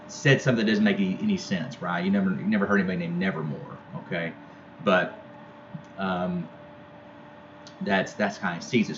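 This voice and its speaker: A man with a very low voice talks through a poem like a teacher, casual and full of fillers and restarts. The recording sounds a little dull, with a faint hiss underneath. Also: fairly bright tone. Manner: conversational, with many fillers and restarts. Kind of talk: casual poetry lesson.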